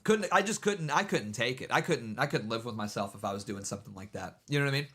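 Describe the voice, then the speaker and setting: A man's voice: mid-range voice, expressive, fast talker, fairly bright tone, breathy edge. A man hosting a livestream, giving casual, rambling commentary and mocking people, with many repeated "you know what I mean"s. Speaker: livestream host.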